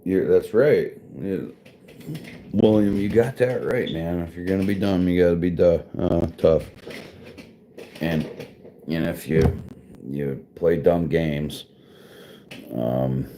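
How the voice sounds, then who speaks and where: A man's voice: low voice, takes it slowly, pauses often, warm tone, slight background noise. A man with a wife and kids chatting casually to his stream viewers, rambling and swearing, laughing often. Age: adult with wife and kids. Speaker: vlogger and livestreamer talking to viewers. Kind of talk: casual chat.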